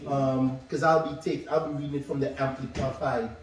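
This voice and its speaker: A man preaching and reading scripture aloud slowly, pausing between phrases. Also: mid-range voice, steady tone, a little hiss or hum. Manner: slow, deliberate reading with pauses between phrases. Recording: echoey room, mic far off.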